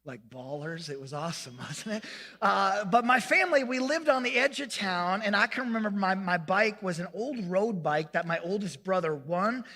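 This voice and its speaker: Male pastor, lively self-mocking storyteller, high bright voice, church sermon. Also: normal speed, big-room sound. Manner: animated, self-mocking storyteller acting out quotes. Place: church sanctuary.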